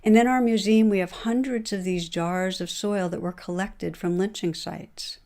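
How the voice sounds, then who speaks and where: Speaking in a mid-range voice, a middle-aged meditation teacher delivers a dharma talk. Her retelling of a story is calm and measured.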